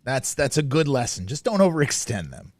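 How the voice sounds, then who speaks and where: A man's voice: medium pitch, big pitch swings, brisk, a little mellow, no echo. A man in casual chat making wry joking asides.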